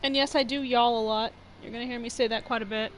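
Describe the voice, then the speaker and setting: A woman's voice: fairly high pitch, fairly even intonation, quick pace, a little hiss or hum, poor audio. A young woman from New Mexico chatting casually while streaming a game. She rambles, laughs often and says "like" a lot. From New Mexico, USA. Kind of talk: casual live-stream commentary.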